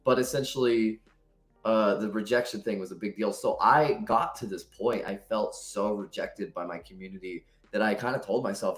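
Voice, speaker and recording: A man's voice: lowish voice, moderate pace, reverberant. A young adult man talking candidly and rambling as a guest poet on a podcast. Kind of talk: casual podcast conversation.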